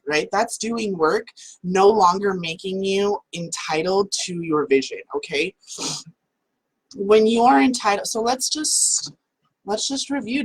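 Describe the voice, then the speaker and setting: A woman's voice: medium pitch, breathy edge, poor audio. A woman hosting a casual talk from home, chatty and full of "like" fillers. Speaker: host.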